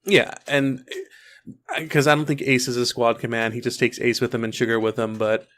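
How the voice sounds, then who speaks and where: A man's voice: medium pitch, level tone, normal speed, a bit bright. A young adult man co-hosting a podcast, chatting casually and rambling a bit. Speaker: podcast co-host. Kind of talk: casual chat.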